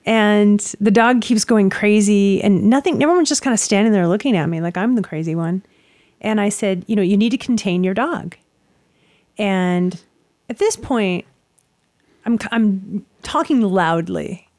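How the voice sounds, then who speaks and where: A woman telling a story in casual chat, animated and swearing freely as she acts out what people said. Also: medium pitch, a little slow, dry recording, studio quality.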